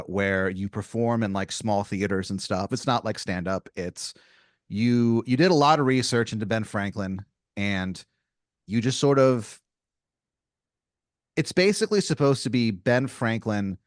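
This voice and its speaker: A man hosting an improvised comedy podcast, laying out a long scenario with halting restarts. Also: lowish voice, no echo, studio quality. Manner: rambling, hesitant setup full of restarts. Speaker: podcast host.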